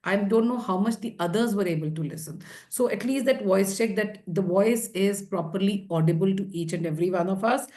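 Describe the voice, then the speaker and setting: A woman's voice: mid-range voice, brisk, a little mellow. A woman from India giving encouraging feedback as a table topics evaluator in an online club meeting.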